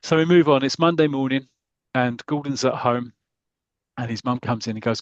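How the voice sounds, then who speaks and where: A man's voice: medium pitch, moderate pace, dry recording, muffled recording. Enthusiastic man retelling a comic. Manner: enthusiastic, acts out quotes, frequent fillers. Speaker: podcast host. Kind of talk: casual retelling of a comic story.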